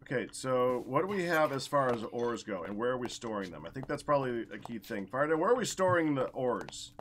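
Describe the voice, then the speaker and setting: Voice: mid-range voice, big pitch swings, fairly quick, a bit bright, a little hiss or hum. A person chatting casually while playing a game with friends, often rambling and restarting sentences. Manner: rambling, loses track mid-sentence. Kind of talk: casual gaming chat.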